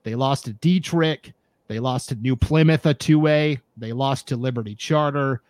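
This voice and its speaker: A man hosting a casual high school sports podcast. He is animated and easily fired up, and he rants about what bothers him. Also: moderate pace, dry recording. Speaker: podcast host.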